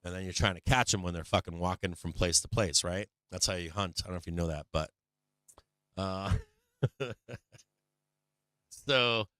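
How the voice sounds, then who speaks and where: A man's voice: deep voice, normal speed, pauses often, bright, forceful tone, clear, resonant tone, no echo, studio quality. A man hosting a live stock market stream, telling a rambling, profane story with lots of fillers between market remarks.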